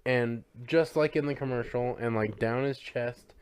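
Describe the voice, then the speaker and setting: A man's voice: mid-range voice, unhurried, smooth. A man co-hosting a podcast, casually retelling a film's plot with lots of fillers. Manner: rambling, filler-heavy retelling. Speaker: podcast co-host. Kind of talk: casual film recap chat.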